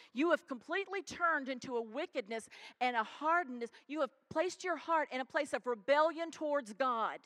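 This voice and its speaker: A woman pastor preaching a sermon in church, animated and calling out to the congregation. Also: high-pitched. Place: church sanctuary.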